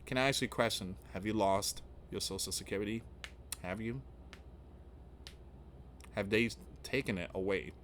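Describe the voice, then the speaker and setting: A man with a lowish, fairly bright voice hosts an online news channel, talking casually to viewers at a moderate pace with frequent pauses. He reads news items aloud and reacts with rhetorical questions, rambling and repeating himself, often restarting with "again" and "guys." There's a little hiss or hum in this casual political commentary.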